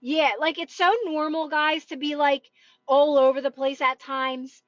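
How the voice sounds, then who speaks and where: High-voiced chatty woman on a phone livestream. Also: level tone, measured pace, dry recording. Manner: chatty and rambling, full of "like" and "right?". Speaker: manifestation coach. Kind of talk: casual livestream chat with viewers. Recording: dull, dry phone livestream audio.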